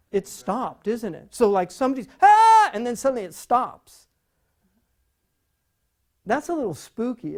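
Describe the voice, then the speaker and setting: Male lecturer, warm mellow tone, conversational, keeps checking in with rhetorical questions. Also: high-pitched. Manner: rhetorical questions, frequent "right?"; animated, conversational teaching. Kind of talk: lecture on poetry.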